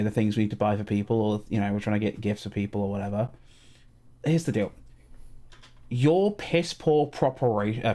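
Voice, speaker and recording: This is a man with an average pitch, ranting to his co-hosts on a podcast. He is exasperated and swears a lot. The talk is casual and unscripted. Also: a little mellow. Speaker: podcast co-host.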